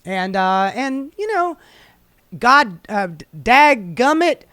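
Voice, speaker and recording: A man's voice: very high-pitched, very animated, takes it slowly, sharp tone, clean tone, no echo, clean studio sound, heavily acted. A man doing an impression of a folksy southern male congressman who plays dumb, in a mock-innocent way.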